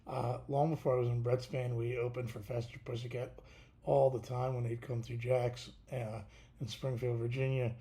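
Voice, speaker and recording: A tired man hosting a casual livestream, talking haltingly with many fillers and restarts. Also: mid-range voice, level tone, mellow. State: tired, yawning. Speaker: podcast host.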